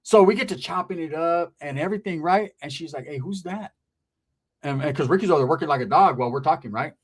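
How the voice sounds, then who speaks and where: A man telling a long comic story, animated and full of street slang and swearing. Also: fairly high pitch, fast talker, husky. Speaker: comedian. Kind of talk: stand-up storytelling.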